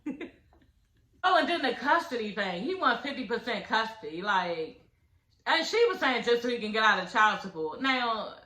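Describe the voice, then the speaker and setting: A woman's voice: a little high, sing-song, moderate pace, sharp tone, echoey room. A woman recapping a reality show in casual, blunt, profane chat, laughing as she talks.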